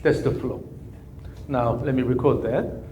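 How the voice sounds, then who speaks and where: A man coaching a golf swing, giving calm, repetitive cues and humming through counts. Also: mid-range voice, measured pace, lo-fi sound, a little hiss or hum. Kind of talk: live coaching session. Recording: echoey room with faint ambience.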